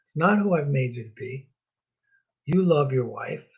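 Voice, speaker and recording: Calm fatherly God, as a man teaching puts him on, husky, soft and lower, dull lo-fi recording. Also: normal speed. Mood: reassuring. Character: God as a gentle, reassuring father.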